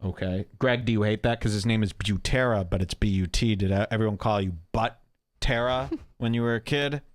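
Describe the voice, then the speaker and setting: A man's voice: fairly low pitch, normal speed. A man hosting a podcast, mocking people's online posts with sarcastic commentary. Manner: sarcastic, reads tweets aloud in mocking voices. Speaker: host.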